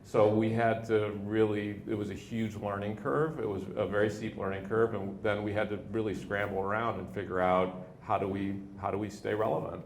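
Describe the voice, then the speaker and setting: A man in his fifties, a company leader telling anecdotes in an interview, with a relaxed manner and frequent restarts. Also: fairly low pitch, moderate pace, few pauses. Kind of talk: storytelling in an on-stage interview. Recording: echoey room with faint noise.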